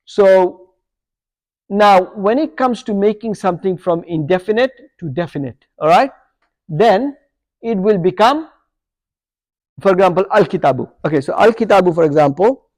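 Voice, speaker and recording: A man's voice: high voice, lively intonation, normal speed, pauses often, a little mellow. A man teaching an Arabic grammar lesson to a live class, quizzing students and checking in with "okay?" and "yeah?" as he goes. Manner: corrects his own slips aloud.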